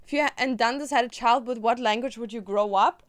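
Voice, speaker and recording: A woman's voice: on the high side, brisk. A young woman whose first language is German, chatting casually and playfully while crafting on a stream.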